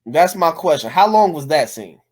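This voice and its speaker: A man co-hosting a podcast, relaxed, chiming in with short comments and questions about a movie. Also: a little high, normal speed. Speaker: podcast co-host. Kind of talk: casual movie recap chat.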